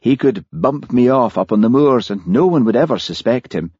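A man's voice: medium pitch, animated, moderate pace, a little mellow, slightly rough, dry recording, dull audio, pitched above the performer's own voice. A man voicing a wary, reserved policeman who speaks uneasily and mumbles. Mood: uneasy.

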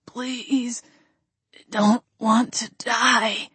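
A woman's voice: high voice, flat delivery, drawn-out words, darkish tone, husky, no echo, voice pushed up, full character voice. A woman voicing a dying young man's weak whimper. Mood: dying plea. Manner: weak, wet, fading whimper. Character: young man, badly wounded and dying.

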